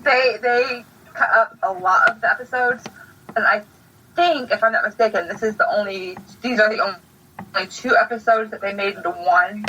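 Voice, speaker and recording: A woman co-hosting a casual fan podcast, chatty and hesitant, often pausing on fillers. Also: medium pitch, sharp tone, slight background noise. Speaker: podcast co-host. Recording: distant, dull lo-fi mic.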